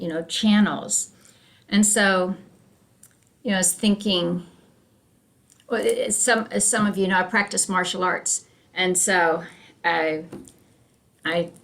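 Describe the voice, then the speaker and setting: A woman's voice: medium pitch, a bit bright. A woman leading a church adult education class, chatty and self-deprecating, acting out voices as she tells stories. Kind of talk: classroom talk with anecdotes.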